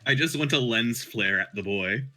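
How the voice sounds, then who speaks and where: A man's voice: mid-range voice, normal speed, pushed and bright. A man playing in a tabletop game, joking in a laid-back way. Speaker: player. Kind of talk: casual tabletop play.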